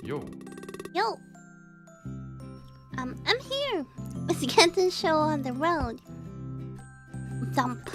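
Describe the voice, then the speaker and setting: A woman's voice: high-pitched, very animated, very slow, pauses often. A woman streamer reading a visual novel aloud and chatting with viewers, bubbly and giggly, with cutesy playful exclamations. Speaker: VTuber streamer. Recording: game music playing behind. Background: game background music.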